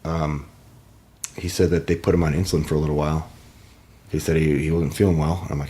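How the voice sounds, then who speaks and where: A man's voice: very deep voice, level tone, a little fast, long pauses, warm tone. A young man from Wisconsin, a podcast guest, chatting casually and laughing often. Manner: laid-back, laughs often. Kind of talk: casual chat.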